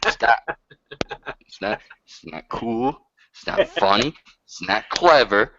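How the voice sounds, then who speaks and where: A man's voice: fairly low pitch, expressive, slow, sharp tone. A man co-hosting a live stream, ranting in brash, profane banter. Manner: brash, ranting, swears constantly. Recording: lo-fi stream audio with faint hiss.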